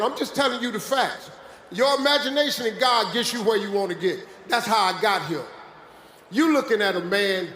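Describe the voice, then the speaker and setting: An older American man speaking onstage with a high, bouncing voice that swings wildly as he preaches and jokes. His talk rings through an echoey dome, with faint audience noise underneath. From West Virginia, USA. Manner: animated, preachy and joking. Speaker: motivational speaker. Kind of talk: live motivational speech. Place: large dome venue with live audience.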